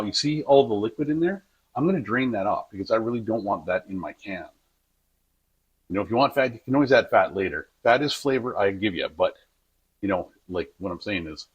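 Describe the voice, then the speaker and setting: A man's voice: on the low side, slightly rough, highs cut off. A man hosting a home cooking vlog, chatting in a rambling, jokey way while he works in his kitchen. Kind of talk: casual cooking vlog chat. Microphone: camera on a tripod.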